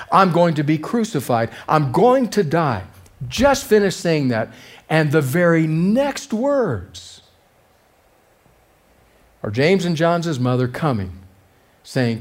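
A man preaching a sermon as a pastor, repeating key words for emphasis and acting out the voices of the people he quotes. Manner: acts out quoted voices with shifts in pitch and loudness.

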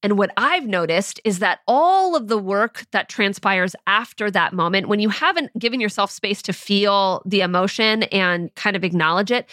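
Recorded dry with clean studio sound, this thirty-something podcast host speaks at a medium pitch. Her casual talk is sprinkled with "you know" and other fillers, plus frequent gentle laughter.

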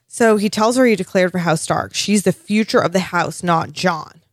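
A woman co-hosting a casual TV recap podcast, animated and swearing freely as she gushes about the show. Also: fairly low pitch, moderate pace, dry recording. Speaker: podcast co-host.

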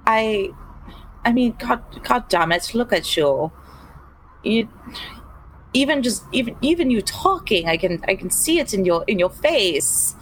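A woman's voice: on the high side, lively intonation, a little slow, a little hiss or hum, voice pushed up, low-quality recording. A woman voicing a frank, caring female vampire who speaks bluntly and stammers when upset. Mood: confrontational.

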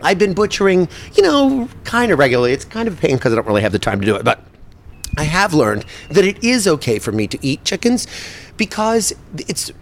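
A man spins a comic personal story, his fairly high voice leaping up and down as he acts out each scene and throws in exasperated asides. Faint ambient noise sits under his voice. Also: huge pitch swings, brisk.

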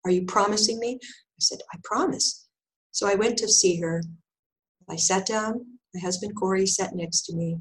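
An older woman recounts her story as a guest, her pitch climbing and falling as she acts out each exchange. She slips into other people's voices for the quoted lines and laughs her way through the telling. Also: normal speed, low-quality recording. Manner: animated, acts out dialogue in voices. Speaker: guest, intuitive healer. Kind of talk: storytelling in conversation.

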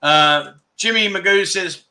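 At a measured pace and in a high, sharp voice, a man in his fifties hosts an easygoing livestream, chatting, reading viewer comments aloud and drifting into rambling anecdotes.

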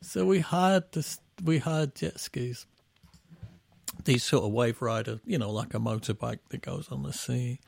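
Middle-aged English musician, gravelly, dry close sound, rambling raconteur. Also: male voice, mid-range voice, unhurried, a little mellow, no echo. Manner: rambling storyteller with restarts, laughing at his own stories. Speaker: band musician guest. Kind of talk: casual anecdotal chat.

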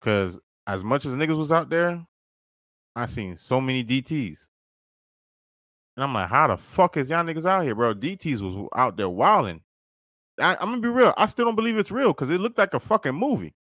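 A man's voice: medium pitch, very animated, moderate pace, fairly bright tone, no echo, studio quality. A man hosting a podcast, telling a story casually and profanely, acting out quoted dialogue. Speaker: podcast host.

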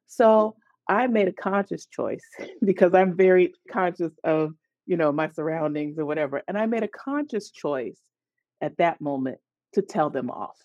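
On a dry, lo-fi podcast recording, a woman whose voice is on the low side talks at a moderate pace. She's a guest recounting a personal story conversationally, animatedly performing the dialogue as she goes and plugging gaps with "da, da, da".

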